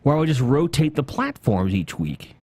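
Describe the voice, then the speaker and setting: A man hosting a laid-back gaming podcast, thinking out loud in long, rambling stretches and swearing now and then. His excitement bubbles up as he talks. The sound is dry and close, with no room around it. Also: mid-range voice, moderate pace, breathy edge, no room sound. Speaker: podcast host. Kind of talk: casual gaming podcast chat.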